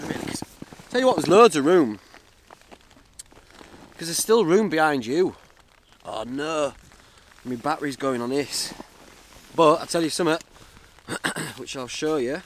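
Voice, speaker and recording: A man's voice: a little high, fairly bright tone, a little hiss or hum. A young man, rambling jokily through a solo podcast from inside a tent, talking into a camera-mounted mic. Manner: jokey, chatty, self-mocking. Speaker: podcast host.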